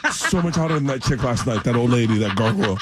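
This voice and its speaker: Brief: male comedian guest, lively pitch, laughing through rowdy tales in a studio. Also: fast, very noisy. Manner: laughing, animated storytelling with voices. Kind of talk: rowdy storytelling. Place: radio studio.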